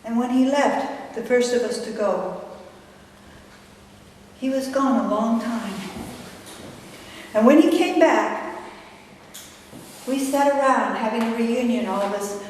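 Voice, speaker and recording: A woman's voice: fairly high pitch, darkish tone. An older woman giving a dramatic personal storytelling speech at a club meeting, recorded from far off in an echoey hall with faint hiss. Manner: dramatic, measured pauses. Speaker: toastmasters speaker.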